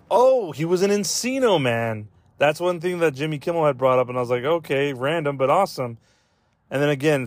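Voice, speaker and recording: A man chatting loosely on a podcast, swearing and rambling through fillers while he chokes up near tears. His voice sits at an everyday middle pitch. The sound is dry and close, with no room echo. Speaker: podcast host. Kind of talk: casual podcast chat.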